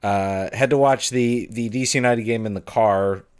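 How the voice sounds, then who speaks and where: A man co-hosting a sports podcast in casual chat, excitable and full of stumbling restarts, talking into his phone on a video call. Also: fairly low pitch, moderate pace, smooth. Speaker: podcast co-host.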